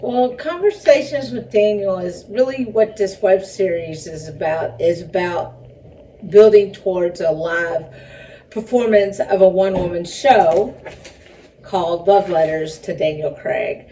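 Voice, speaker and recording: This filmmaker and performer has a lowish, dark-toned voice and speaks at a measured pace. Being interviewed casually about her film and one-woman show, she rambles and chats, laughing self-consciously. A faraway mic picks her up along with faint background noise.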